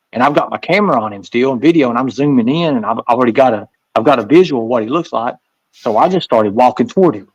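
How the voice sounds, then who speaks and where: A man with a Southern accent from the American South tells stories as a guest in a casual interview, rambling, repeating words and acting out voices. His pitch is medium. The recording has no room sound, and the highs are cut off.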